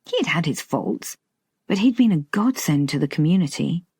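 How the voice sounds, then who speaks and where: A woman narrating a romantic comedy audiobook in a measured, lightly expressive way. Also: sits low, slightly rough, no echo, studio quality. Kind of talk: scripted narration.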